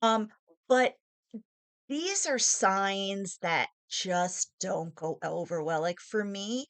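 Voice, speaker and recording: Woman, 40s, casual storytelling, chatty, opinionated, exasperated, middle pitch. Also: expressive, slow. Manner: chatty, opinionated, exasperated, lots of fillers and asides. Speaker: vlogger telling a dating story.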